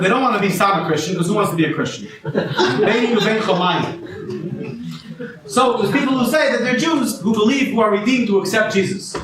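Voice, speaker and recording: A man's voice: high-pitched, noisy background. A man performing a rambling stand-up set, peppered with Hebrew and Yiddish words, before a live audience. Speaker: stand-up comedian. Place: small comedy venue with a live audience. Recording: echoey room from far off with a laughing crowd.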